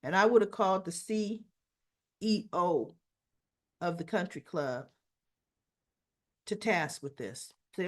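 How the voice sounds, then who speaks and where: A woman casually recapping a soap opera episode, acting out the characters' lines as she retells the scenes. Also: on the low side. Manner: slow, animated retelling with quoted dialogue.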